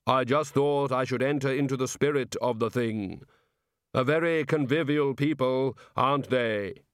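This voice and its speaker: A man voicing Death as a calm, courteous figure who speaks mildly and without hurry. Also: mid-range voice, clear, resonant tone, dry recording, clean studio sound, close to an everyday voice. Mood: mildly polite. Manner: mild, courteous, unhurried. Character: calm, polite male personification of Death. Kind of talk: audiobook character voice.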